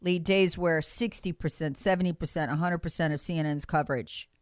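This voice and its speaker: A woman's voice: deep voice, steady tone, fairly quick, smooth, no room sound, clean studio sound. A woman giving emphatic, indignant political commentary on a talk show, mocking the officials she quotes.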